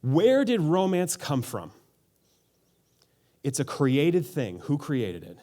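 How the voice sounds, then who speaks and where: A young man preaching a sermon in a church, playful and animated, often acting out quoted lines in funny voices. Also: on the high side, slow pace. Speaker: pastor. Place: church auditorium.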